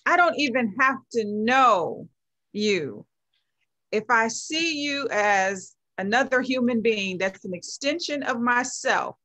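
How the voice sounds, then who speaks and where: As an interview guest, a middle-aged woman who founded a women's movement gives a passionate motivational talk. She drives her points home emphatically, building phrases through repetition, in a slightly high, fairly bright voice.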